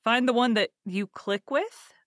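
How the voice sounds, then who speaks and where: A woman's voice: on the high side, a little slow, fairly bright tone, no echo, clean studio sound. A woman from Texas, a podcast host and audiobook narrator, talking in a casual, chatty way with lots of fillers and frequent laughter. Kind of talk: casual conversational interview.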